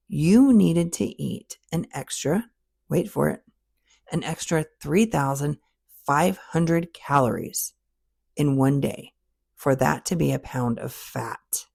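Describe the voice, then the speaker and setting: A woman's voice: deep voice, gravelly, mellow, husky. A woman hosting a podcast, talking straight to listeners in a direct, coaching monologue that repeats its points for emphasis. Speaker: podcast host.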